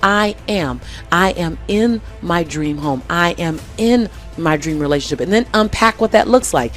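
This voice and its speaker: Lowish voiced woman being interviewed, earnest, says things twice, bit of music under it. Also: expressive, normal speed. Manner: earnest, repeats key phrases. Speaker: interview guest. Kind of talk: casual conversation.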